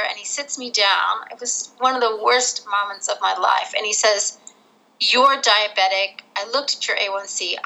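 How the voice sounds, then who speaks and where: A middle-aged woman from Australia speaks as an interview guest, recounting events candidly and with animation. Her voice is bright and edged with vocal fry. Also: mid-range voice, low-quality recording. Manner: candid, animated, laughs through the hard parts. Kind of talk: casual storytelling.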